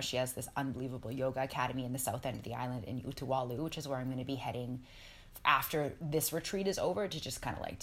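A woman chatting casually as a podcast guest, an animated storyteller talking about energy and spirits with sudden excited jumps in her voice. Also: extremely low pitch, creaky. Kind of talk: casual chat.

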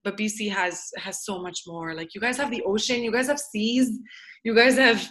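A woman's voice: mid-range voice, fairly even intonation, normal speed, fairly bright tone. A woman from Montreal, a yoga teacher talking as a podcast guest in a chatty, rambling way and laughing often. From Montreal, Canada. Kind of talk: casual interview chat.

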